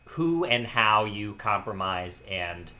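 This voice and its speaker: A man's voice: fairly low pitch, sing-song, slow pace, sharp tone. A man co-hosting a film review podcast, musing thoughtfully on the questions a movie raises. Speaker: podcast co-host, film critic. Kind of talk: casual film review chat.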